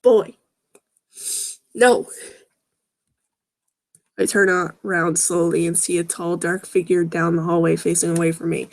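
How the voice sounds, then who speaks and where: Woman reading fanfic out loud, groaning and sarcastic, lowish voice. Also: steady tone, a little slow, gravelly, long pauses. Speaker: fan fiction reader. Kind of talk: mocking dramatic reading with commentary.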